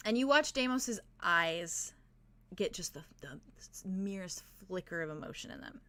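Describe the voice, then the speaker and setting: A woman's voice: fairly low pitch, animated, unhurried, bright, forceful tone. A young adult woman narrating a tabletop game as game master, describing scenes with frequent fillers.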